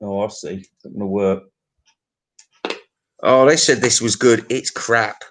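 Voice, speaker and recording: A man's voice: on the low side, a little slow, a bit bright, a little hiss or hum. Blunt, swearing man. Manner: blunt and crude, swears often, laughs at his own jokes. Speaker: album reviewer. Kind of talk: casual unscripted album review.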